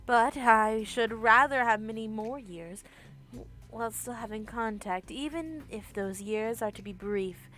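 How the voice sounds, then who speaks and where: A woman gives voice to an ancient female spirit trapped in a crystal, formal and old-fashioned in her speech. The voice is bright and sits fairly high. Faint game music plays underneath. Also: a little slow. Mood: solemn. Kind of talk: reading game dialogue aloud.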